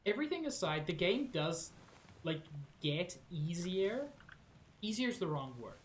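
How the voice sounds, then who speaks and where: A woman's voice: fairly low pitch, big pitch swings, a little slow, slight background noise. A woman streaming a game live, thinking aloud in a casual, musing, self-mocking way with the odd swear.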